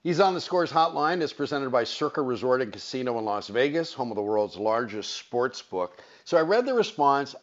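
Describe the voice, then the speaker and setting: A man's voice: medium pitch, dull audio. A man from the San Fernando Valley hosting a sports radio interview, asking long, chatty questions. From San Fernando Valley, California. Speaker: radio show host.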